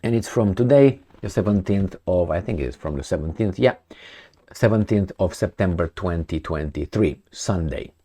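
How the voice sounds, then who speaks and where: A man giving sarcastic political commentary with non-native phrasing, animated and fond of mouthing sound effects. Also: sits low, normal speed.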